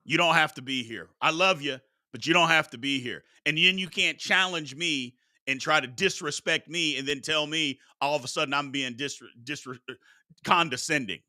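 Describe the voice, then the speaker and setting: Bright, high-voiced combative sports host. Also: male voice, normal speed, dry recording, clean studio sound. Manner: combative, preachy, exclaims "Lord have mercy". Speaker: sports talk show host. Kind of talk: solo sports talk with live chat.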